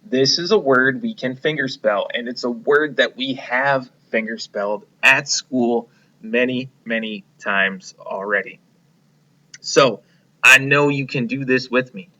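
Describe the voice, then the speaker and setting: A man leads young children through a reading lesson, slow and encouraging as he takes them step by step. His voice is bright and clear, though the audio is a little dull and lo-fi. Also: medium pitch. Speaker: teacher.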